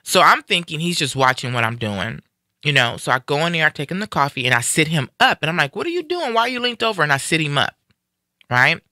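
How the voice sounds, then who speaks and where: A man talks in a casual live-stream conversation, his voice bright, sharp and pushed forward, a little higher than most men. He retells a personal story with animation, acting out each quoted line as he goes. The sound is dry and close. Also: brisk, no room sound. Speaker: guest sharing a personal story.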